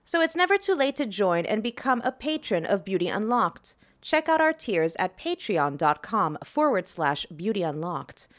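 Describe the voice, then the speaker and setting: A woman's voice: mid-range voice, fairly bright tone. A woman hosting a podcast in a playful, teasing and suggestive chat, often laughing. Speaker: podcast host.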